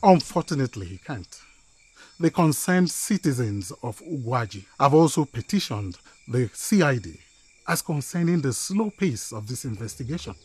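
An actor playing a formal, officious police official with a husky voice. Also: male voice, medium pitch, big pitch swings, moderate pace, darkish tone, no echo. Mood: stern.

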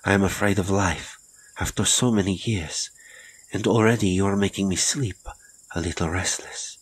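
Grave haunted castaway woman, low, slow, husky, read by a male narrator. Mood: grave, afraid.

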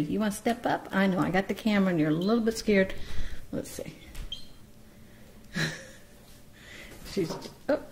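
A woman parrot breeder talking casually about her baby birds and gently coaxing them with sing-song encouragement. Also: on the low side, a little hiss or hum. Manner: slow, gentle, coaxing, with frequent laughs. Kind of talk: casual vlog narration and baby-talk to birds.

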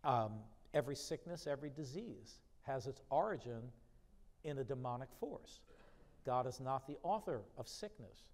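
A man's voice: medium pitch, animated, moderate pace, a little mellow. A man preaching a sermon, reading scripture aloud with rising emphasis and then explaining it in a conversational way. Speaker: pastor. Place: church sanctuary. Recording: long church reverb.

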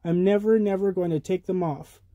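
A man voicing a stubborn, eager little girl while reading a children's storybook aloud, with excited, insistent repetition. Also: high-pitched, normal speed, dry recording, phone-quality sound, pitched above the performer's own voice.

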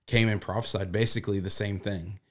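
A man's voice: lowish voice, fairly even intonation, fairly quick. A man who is a youth pastor, chatting in an easygoing, reflective way and laughing often. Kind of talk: casual podcast chat.

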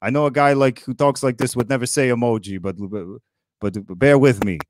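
A man playing Moses as a grumpy old Brooklyn man, hosting a comedy roast with sarcastic rapid-fire jokes. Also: medium pitch, a little hiss or hum, close to an everyday voice. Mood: kvetching. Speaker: roast host.

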